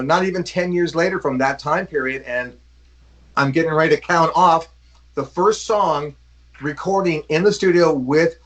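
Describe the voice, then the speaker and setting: Profane storytelling man in his fifties. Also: on the high side. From Los Angeles, USA. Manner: profane, animated anecdote-telling with frequent fillers. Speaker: guest drummer. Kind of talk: casual storytelling in a podcast interview.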